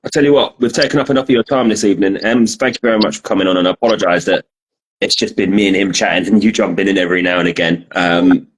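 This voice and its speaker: A man's voice: deep voice, quick pace, husky, poor audio. A man hosting a podcast, laid-back and sweary as he wraps up with the guest. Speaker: podcast host. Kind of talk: casual chat.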